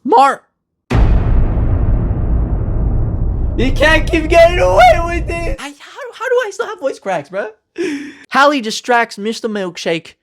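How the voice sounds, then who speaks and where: Animated young man reviewing a TV show. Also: high-pitched. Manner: energetic, slangy, joking. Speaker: TV review host. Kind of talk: casual spoiler review.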